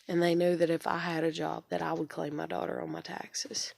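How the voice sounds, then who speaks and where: Frustrated gravelly woman in her thirties. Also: deep voice, monotone, fairly quick, a little mellow, dry recording, studio quality. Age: 30s. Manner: frustrated, swears often, rambling. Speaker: vlogger. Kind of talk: casual venting monologue.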